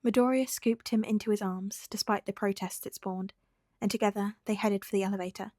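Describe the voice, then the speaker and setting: Picture a woman narrating a fan fiction story in a soft, even way, her voice sitting in the middle of the female range. The sound is dry and close, with no room around it. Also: medium pitch, a little fast, dry recording. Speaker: podfic reader.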